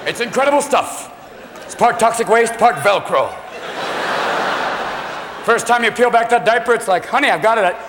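A man performing a manic stand-up comedy routine, jumping between shouts and put-on voices, recorded live in a large theater. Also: very high-pitched, moderate pace, long pauses. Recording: live show in a big hall with a crowd. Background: audience laughter and crowd noise.

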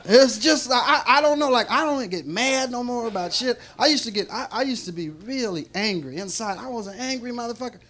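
Talking a little fast with hardly any pauses, a male stand-up comic delivers a rambling, profane club set in a very high-pitched, expressive voice. He laughs between lines, his mouth gone dry, as a loud live crowd reacts.

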